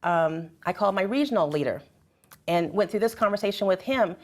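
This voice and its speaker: A woman telling a personal story in a church group conversation. Her voice sits at an ordinary middle pitch. She tells it with emotion and animation, switching into the voices of the people in her story. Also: brisk. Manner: animated, emotional retelling, acting out dialogue. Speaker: church member sharing experiences.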